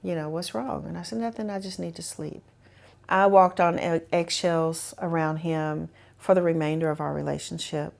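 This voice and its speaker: A woman telling her own story in a measured, reflective way with frequent fillers. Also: deep voice, steady tone, gravelly, a little mellow. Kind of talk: personal testimony.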